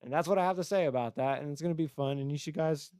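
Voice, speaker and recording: In rapid-fire bursts, a young podcast host who battle raps tears into a rival, cursing constantly and mimicking in mocking voices. His voice runs on the high side and a little mellow, recorded clean with no echo.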